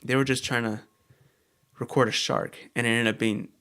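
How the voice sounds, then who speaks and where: A man co-hosting a casual chat show, talking in a halting way with many fillers and restarts. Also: mid-range voice, flat delivery, sharp tone, clean tone. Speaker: co-host.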